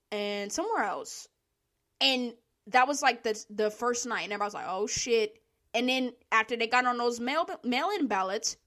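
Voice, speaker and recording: A woman's voice: a little high, a bit bright. A woman hosting a solo podcast, ranting in a blunt, profane, heated way, with sighs and laughs between her points. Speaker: podcast host.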